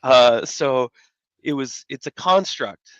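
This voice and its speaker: A man talks in a loose, rambling storytelling way, often restarting his sentences and chuckling as he goes. His voice is recorded dry and close, with a dull, slightly muffled tone. He speaks at a middle pitch, as a host running a relaxed conversation. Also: slow pace, no echo. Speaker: podcast host. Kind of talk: casual conversational interview.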